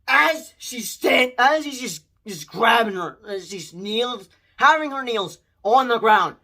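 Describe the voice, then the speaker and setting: A man's voice: extremely high pitch, slow pace, gravelly. A young man talking through a movie review in a loose, unscripted way. He rambles and trips over his words, restarting sentences often. He gets worked up and swears now and then. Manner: rambling, excitable, many restarts and mild swearing. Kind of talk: casual spoiler movie review.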